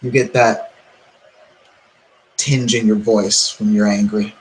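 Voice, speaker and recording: A man's voice: lowish voice, fairly even intonation, takes it slowly, low-quality recording. A man voicing a sultry female vampire in a tabletop role-play, raising his voice for her. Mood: probing, teasing.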